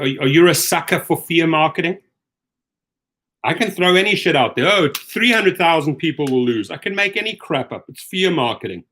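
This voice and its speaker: A man's voice: medium pitch, a bit bright, breathy edge. A middle-aged man hosting rideshare commentary, ranting angrily with profanity and repeated rhetorical questions.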